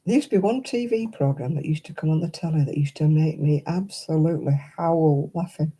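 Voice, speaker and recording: A woman's voice: low voice, brisk, mellow, husky. An older woman hosting a crafting livestream, telling stories in casual chat and laughing often as she talks. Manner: chatty anecdotal storyteller, laughs often.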